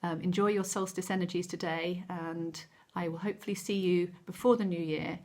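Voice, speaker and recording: A woman giving a gentle, encouraging weekly card reading, with frequent ums and self-corrections. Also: lowish voice, fairly even intonation, a little fast. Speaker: tarot card reader.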